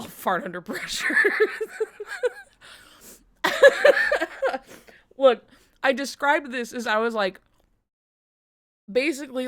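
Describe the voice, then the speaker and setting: Woman streamer, high voice, casual storyteller, swears and laughs a lot. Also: sharp tone. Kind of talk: casual chat.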